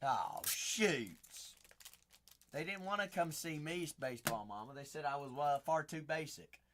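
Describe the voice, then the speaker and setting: A man hosting a live card break, excitable and joking, breaking into sudden shouts, tired after a long stream. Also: fairly high pitch, a little slow, a little hiss or hum. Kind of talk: live-stream commentary while opening packs.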